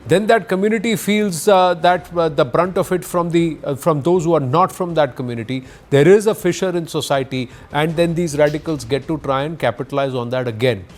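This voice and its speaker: A male news anchor speaks with a slightly raised pitch. He is measured and careful, weighing his words to balance a heated debate. His tone stays calm and considered.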